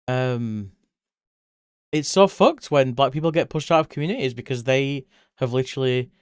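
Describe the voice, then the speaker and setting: A British man chatting casually on a live stream, answering chat and rambling freely. He laughs often, and his voice jumps up when he gets excited. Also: mid-range voice, clean tone, no room sound, clean studio sound. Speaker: livestreamer.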